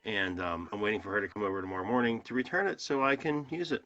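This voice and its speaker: A man's voice: fairly low pitch, fairly even intonation, a bit bright. A man of grandparent age, a guest on a casual live chat, joking and making playful excuses. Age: older. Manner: playful, quick to joke and excuse himself. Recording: dull lo-fi call audio.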